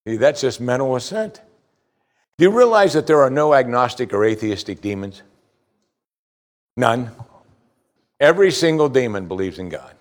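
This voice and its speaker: A male pastor preaches with emphatic delivery. His voice sits at a middle pitch, and it rises in loud stresses before dropping to quiet, low asides. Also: expressive, moderate pace, long pauses. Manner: emphatic preaching, rising and falling in volume. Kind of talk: sermon.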